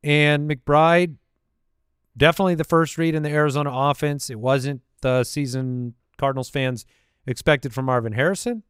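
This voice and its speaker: A man hosting a fantasy football podcast, rattling off statistics in a measured, confident way during casual sports analysis. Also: a little high, fairly even intonation, smooth, dry recording, studio quality.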